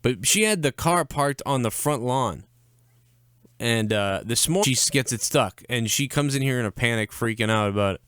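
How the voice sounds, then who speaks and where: A man's voice: medium pitch, moderate pace, clear, resonant tone, dry recording, clean studio sound. A young man co-hosting a live show, telling a long, profane story in a rambling, casual way. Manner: profane, rambling, animated when quoting others. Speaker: podcast co-host.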